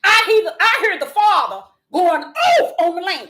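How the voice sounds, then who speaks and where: Fiery high-voiced woman preaching, scolding. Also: big pitch swings, unhurried. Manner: scolding, swings from low mutters to shouted outbursts. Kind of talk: fiery street sermon.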